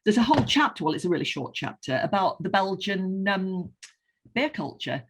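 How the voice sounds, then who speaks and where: A woman with a Northern English accent, a beer writer chatting casually and explaining with lively enthusiasm. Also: medium pitch, moderate pace, slightly rough. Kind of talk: casual chat.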